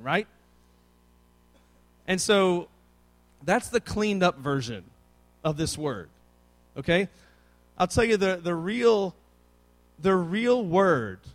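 Man preaching with playful storytelling. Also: fairly high pitch. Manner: storytelling with playful asides, acting out his kids' voices. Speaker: pastor. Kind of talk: sermon.

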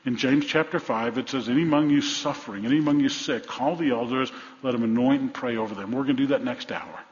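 Pastor preaching in a reverberant sanctuary. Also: male voice, mid-range voice, fast talker. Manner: storytelling, emphatic repetition. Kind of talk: sermon. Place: large church sanctuary. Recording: dull church recording with long reverb.

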